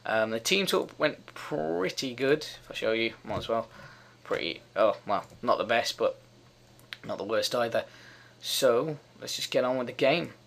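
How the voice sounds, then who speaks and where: A man's voice: mid-range voice, unhurried, gravelly, a little hiss or hum, poor audio. A young man giving casual live commentary over a football management game, swearing freely and cheering when his team scores. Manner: excitable, swears often, cheers at goals. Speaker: gamer doing live commentary.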